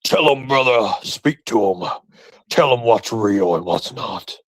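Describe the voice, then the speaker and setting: A man hosting a casual livestream, talking to his chat and a guest. He taunts and mocks in a profane voice, dropping to low mutters and then jumping into high, excited outbursts. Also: measured pace, no echo, low-quality recording. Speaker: livestream host. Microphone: streaming setup.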